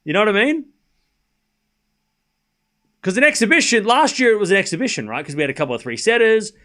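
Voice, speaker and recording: A man hosts a live tennis watchalong, talking loosely to his chat. His voice sits a little high for a man, and he rambles through rhetorical questions and dry sarcastic asides between calling the score. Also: lively intonation, fast talker, bright, forceful tone. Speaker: stream host and tennis commentator. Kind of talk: casual livestream commentary.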